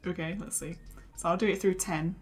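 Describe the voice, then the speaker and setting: A woman's voice: lowish voice, fairly even intonation, brisk, faint music behind. A woman hosting a casual comedy chat, reading garbled translated text aloud while trying not to laugh. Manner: giggly, stumbling over the garbled lines. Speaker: host.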